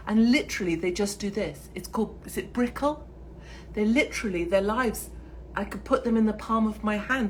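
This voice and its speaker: A woman's voice: mid-range voice, normal speed, a little hiss or hum. A woman in her forties with an English accent, ranting to camera in a blunt, profane and mocking casual monologue. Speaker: channel host. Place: in Miami.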